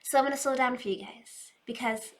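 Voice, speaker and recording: A woman doing a casual, chatty tarot reading, fast-talking and loose, addressing her viewers directly. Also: on the high side, background noise. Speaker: tarot reader.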